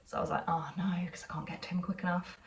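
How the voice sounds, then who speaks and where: Woman, English accent, lowish voice, casual rambling vlog chat, a bit off-mic. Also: flat delivery, quick pace, recorded from a distance, lo-fi sound. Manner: chatty, rambling storytelling with frequent asides. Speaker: vlogger.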